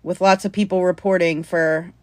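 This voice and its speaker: A woman's voice: lowish voice, fairly even intonation, moderate pace, a little mellow, dry recording. A woman hosting a live stream, talking earnestly and conversationally and thanking her viewers. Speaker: livestream host.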